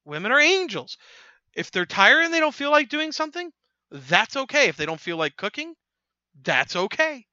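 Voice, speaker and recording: A man with a high, very lively voice delivers an opinion commentary in an emphatic, preachy way, often stumbling and restarting. His tone is sharp and bright, the sound close and dry. The recording is slightly dull and lo-fi. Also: normal speed, no echo. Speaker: host.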